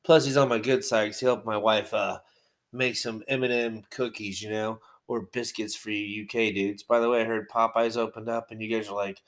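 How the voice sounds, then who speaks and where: A man's voice: lowish voice, fairly even intonation, brisk. A man with a wargaming hobby, talking at home in a rambling, profane, conversational monologue.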